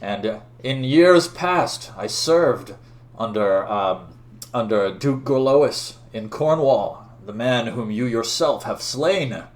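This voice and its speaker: A man voicing a haughty, stern male knight who speaks slowly and formally in a tabletop game. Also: mid-range voice, lively intonation. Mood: formal challenge. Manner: formal, slow and commanding.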